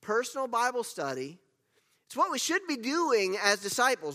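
Male pastor, middle-aged, high voice, emphatic sermon delivery, long hall reverb. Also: sing-song, moderate pace, sharp tone. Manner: earnest, emphatic preaching with self-deprecating asides.

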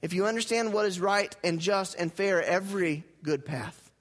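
Male pastor with a high voice, preaching in a dynamic sermon style, with call-and-response to the church. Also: moderate pace. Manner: wide swings from loud emphatic lines to low quiet ones; rhetorical questions and call-and-response with the congregation.

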